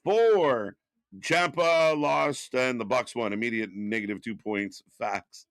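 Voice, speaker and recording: A man from Canada co-hosting a live wrestling reaction stream, talking in an animated, profane way and laughing often. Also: mid-range voice, clean tone, no echo, clean studio sound. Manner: animated, swearing, quick to laugh. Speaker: co-host. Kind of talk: casual live reaction chat.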